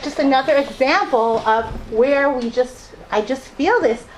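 A woman's voice: fairly high pitch, slight background noise. A middle-aged woman telling a personal story to an audience, acting out the voices of the people she quotes. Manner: animated, acts out quoted voices. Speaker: speaker addressing an audience.

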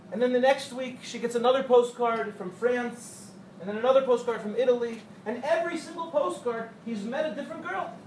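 A man teaching a Torah class to young women, telling parables with animated, acted-out quotes and light joking. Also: very high-pitched. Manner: animated storyteller who acts out quotes and jokes with the audience. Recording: echoey room, distant mic, faint hum.

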